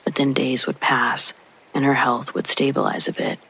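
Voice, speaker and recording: A man reading a first-person horror story as scripted narration, hushed and slow, often sliding into a breathy near-whisper, with rain falling behind him. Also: medium pitch, level tone, low-quality recording.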